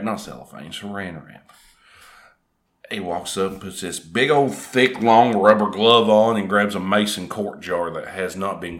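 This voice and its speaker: Lower-voiced man telling a wild story. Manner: animated, chuckles through the story. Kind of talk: casual storytelling.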